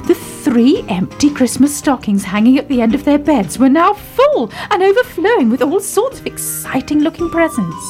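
A high, lilting woman's voice reads a children's storybook aloud at an unhurried pace, her pitch swinging widely from line to line. Clear music plays under the reading the whole time. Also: very animated. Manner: gentle, slow, with playful squeaky voices for the little bears. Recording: soft music behind the reading.

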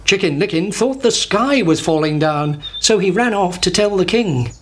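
A storyteller reading a children's story aloud in a steady, clear way. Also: medium pitch, normal speed, noisy background. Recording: bird chirps behind.

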